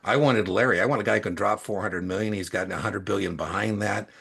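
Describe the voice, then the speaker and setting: A man's voice: fairly low pitch, fast, gravelly, fairly bright tone, husky. A middle-aged man telling long, rambling anecdotes in casual chat, with many restarts and fillers. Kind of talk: casual storytelling.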